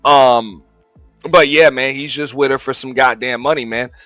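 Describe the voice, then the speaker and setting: A man's voice: medium pitch, steady tone, normal speed, fairly bright tone, no room sound, soft background music, rough recording. A man hosting a casual reaction show, talking in a laid-back, profane way, laughing and repeating himself. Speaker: show host reacting to clips.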